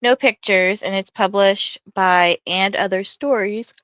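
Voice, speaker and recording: A woman running a reading livestream talks casually and rambles, full of "like," reading viewer comments out loud. She's tired and yawning. Her medium-pitched, slightly bright voice is unhurried, and the recording is dry and lo-fi.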